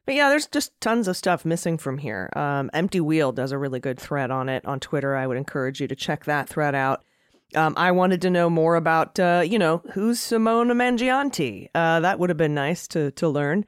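Wry woman podcast host, smooth dry voice. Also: low-pitched, animated, normal speed, dry recording. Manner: wry, sardonic, frequent fillers and laughs. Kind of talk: casual political podcast chat.

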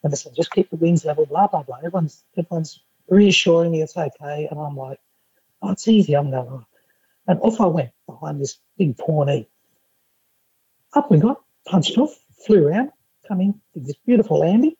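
A male podcast guest tells lively stories in a husky, warm voice. The sound is a dull, lo-fi remote line, dry with no room echo. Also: fairly high pitch, normal speed. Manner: lively anecdotal storyteller. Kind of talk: casual chat.

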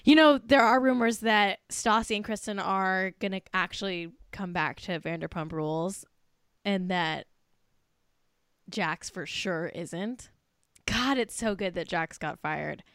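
A woman's voice: mid-range voice, a little slow, fairly bright tone, smooth, dry recording, clean studio sound. A woman co-hosting a podcast, chatting casually about celebrity gossip, swearing often and saying "like" constantly. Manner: chatty, swears, heavy use of "like". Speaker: podcast co-host.

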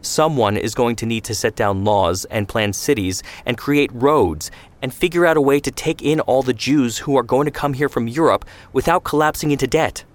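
A man's voice: medium pitch, normal speed, hardly any pauses, voice pushed up, close to an everyday voice. A man voicing a level-headed bookish young man. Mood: reasoned. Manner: reasoned, retorting.

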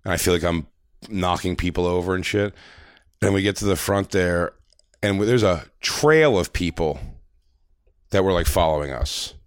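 A man's voice: low voice, normal speed, clear, resonant tone, no room sound, clean studio sound. A man co-hosting a podcast, telling a long story in casual chat, full of fillers and acted-out quotes. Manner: rambling, filler-heavy, acts out quoted lines. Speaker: podcast co-host.

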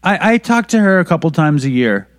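A man's voice: on the high side, sing-song, brisk, no echo. A man in casual conversation, telling candid, profane stories about a late friend. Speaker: podcast guest.

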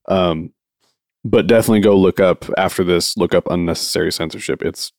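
A man co-hosting a podcast, talking in a laid-back, measured way. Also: deep voice, steady tone, vocal fry, a little mellow, no room sound, studio quality. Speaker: podcast co-host and editor. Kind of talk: casual chat.

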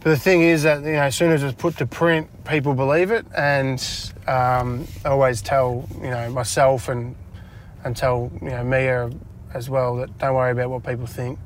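Australian man, 40s, casual self-deprecating interview guest, mid pitch, faint car hum behind. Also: level tone, moderate pace. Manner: chatty, self-deprecating, lots of fillers. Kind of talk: casual chat. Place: inside a parked car.

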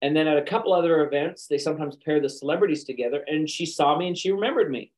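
A man, an actor and speaker, telling lively anecdotes in a podcast interview with frequent chuckles. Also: a little high, fast, low-quality recording. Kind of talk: conversational storytelling.

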